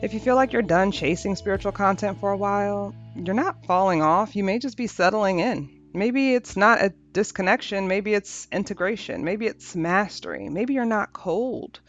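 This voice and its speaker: A woman hosting a podcast, talking through a reflective spiritual monologue in a gentle, unhurried way, repeating phrases for rhythm. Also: medium pitch, expressive. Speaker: podcast host. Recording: dull lo-fi audio with faint music.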